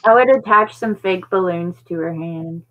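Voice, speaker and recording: A woman's voice: fairly low pitch, moderate pace, sharp tone, a little hiss or hum. A woman co-hosting a casual live sale stream, chatting and urging viewers to subscribe. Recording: dull, lo-fi audio.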